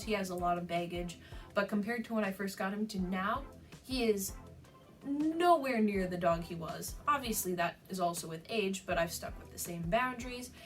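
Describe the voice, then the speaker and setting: A woman's voice: medium pitch, far from the mic, poor audio. A young adult woman giving dog training advice in a casual vlog, chatty, with frequent laughs and fillers.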